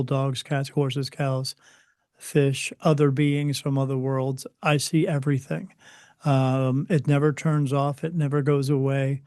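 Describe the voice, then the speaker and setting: A man recounting personal experiences as an interview guest, earnest and halting, often repeating words as he goes. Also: medium pitch, a little mellow, no echo, clean studio sound. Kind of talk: personal storytelling.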